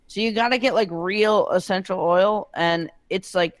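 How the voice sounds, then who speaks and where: A young man telling stories in casual chat, animated and full of swearing. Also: high voice, measured pace, no room sound. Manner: animated storytelling, heavy swearing.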